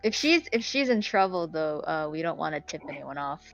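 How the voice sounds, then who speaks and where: A woman playing a tabletop game, thinking aloud and talking fast through her options. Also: sits low, very animated, gravelly, fairly bright tone, muffled recording, soft background music. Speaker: player. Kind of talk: casual tabletop play.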